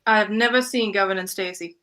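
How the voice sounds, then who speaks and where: A woman's voice: medium pitch, fast, pushed and bright, rough recording. A woman chatting with friends in wry, self-mocking banter, swearing casually.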